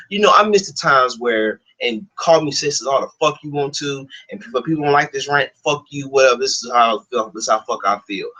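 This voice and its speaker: A man's voice: mid-range voice, bright, forceful tone, rough recording. A man vlogging a heated, profane rant, repeating himself and swearing constantly. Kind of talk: profane ranting monologue.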